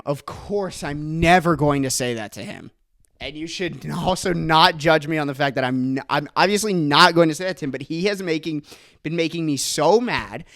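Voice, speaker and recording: A young man telling a comic story as a podcast host, ranting with bursts of laughter and shouting. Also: fairly high pitch. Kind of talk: comedic storytelling rant.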